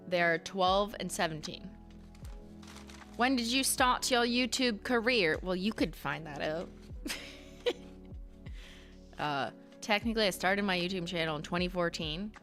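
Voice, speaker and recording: Canadian woman on a live stream going through fan mail, low-ish voice, laughs a lot, soft music behind. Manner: chatty, reads letters aloud, laughs often, swears casually. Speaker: YouTuber host. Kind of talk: casual livestream reading fan mail.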